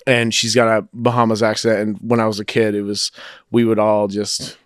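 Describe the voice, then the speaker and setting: A man's voice: fairly low pitch, little pitch movement, normal speed, no echo, studio quality. A young adult man hosting a casual podcast chat, starting sentences over with stammered restarts and laughing easily. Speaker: podcast host. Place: podcast studio.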